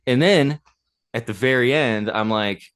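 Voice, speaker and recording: A man's voice: mid-range voice, unhurried, fairly bright tone, smooth. A man in his thirties, a podcast co-host, chatting casually and telling a story with enthusiasm and lots of fillers. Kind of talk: casual chat.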